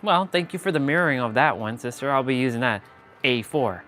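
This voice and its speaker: A man's voice: medium pitch, lively intonation, fairly quick, fairly bright tone, soft background music. A man chatting casually on a live gaming stream, playful and muttering to himself as he plays. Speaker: livestream gamer.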